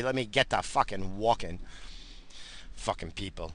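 Bright-voiced man ranting profanely in his car. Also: lowish voice, a little slow, no room sound. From New York. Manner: crude, swearing, ranting with abrupt outbursts. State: coughing from smoking. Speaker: vlogger. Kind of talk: profane rambling rant.

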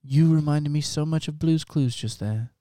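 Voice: medium pitch, normal speed, warm tone, no room sound, studio quality. A comedian who has stepped out of an improv scene, teasing a scene partner in an amused, apologetic way.

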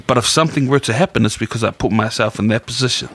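A man's voice: medium pitch, racing, husky, no room sound. A man, co-hosting a casual chat podcast and telling rambling stories in laid-back slang. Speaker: podcast co-host.

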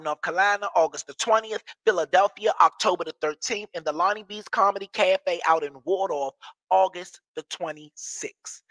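A man's voice: on the high side, a bit bright, no room sound. A man with a Washington, DC accent hosting a live stream, reading viewer comments with brassy, profane, sassy banter.

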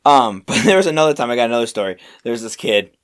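A young man co-hosting a podcast, telling work stories in a rambling, animated way with lots of fillers and restarts. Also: medium pitch, rapid-fire. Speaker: podcast co-host. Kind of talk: casual storytelling chat.

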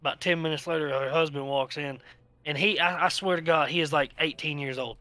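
A man's voice: a little high, fairly even intonation, a little fast, bright, forceful tone, no room sound. A man telling long, rambling stories in casual chat, swearing freely as he goes. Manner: profane, rambling storyteller. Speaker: podcast co-host telling stories.

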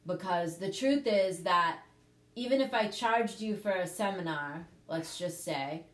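A prosperity teacher leads a casual livestream teaching chat in a fairly low, unhurried voice, with a roomy sound. She earnestly coaches her listeners, repeatedly asking "okay?" as she teaches.

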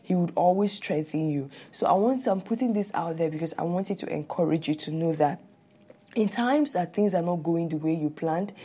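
A woman hosting a podcast who gives an earnest, encouraging faith talk. She talks quickly and stumbles over her words at times. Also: on the low side, warm tone, slightly rough. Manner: talks fast and stammers at times; earnest, encouraging, a little nervous. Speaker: podcast host.

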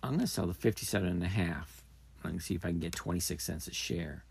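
A man's voice: low-pitched, fast talker, darkish tone, a little hiss or hum. A man hosting a casual podcast, rambling and correcting himself as he thinks aloud. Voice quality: gravelly, husky. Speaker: podcast host. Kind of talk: casual trading podcast talk.

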